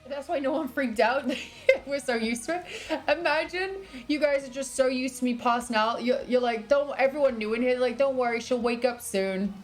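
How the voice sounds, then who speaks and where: A young British woman, her accent softened by years in America, chatting casually on a livestream and reading out her chat. She giggles a lot, swears freely and coos at her dog. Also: sits high, moderate pace, faint music behind. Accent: British, partly American after years in the US. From Britain.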